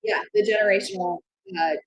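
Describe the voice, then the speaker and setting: A woman co-hosting a casual chat, a lively storyteller who acts out quoted lines. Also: medium pitch, fairly quick, roomy sound. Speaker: co-host.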